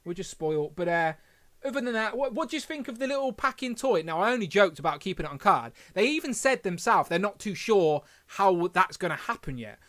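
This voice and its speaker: A man's voice: high-pitched, big pitch swings, fairly quick, fairly bright tone. A man hosting a casual livestream, rambling and correcting himself as he reads the chat aloud. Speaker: podcast host.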